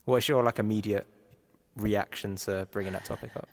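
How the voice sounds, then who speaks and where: A man's voice: fairly low pitch, steady tone, moderate pace. A man hosting an interview, asking easygoing, rambling questions in casual chat. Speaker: podcast host, interviewer. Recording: long echoey reverb.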